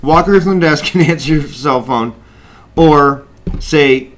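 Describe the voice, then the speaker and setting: A man's voice: on the high side, a little slow. A man co-hosting a casual podcast, telling workplace stories and quoting people as he goes. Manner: storytelling, quotes others, laughs often. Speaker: podcast co-host. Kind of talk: casual chat.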